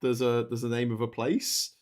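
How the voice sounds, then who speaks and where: A man's voice: mid-range voice, flat delivery, moderate pace, darkish tone. A British man hosting a live stream, chatting casually with sarcastic jokes and playful asides. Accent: British English. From Britain. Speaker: livestream host.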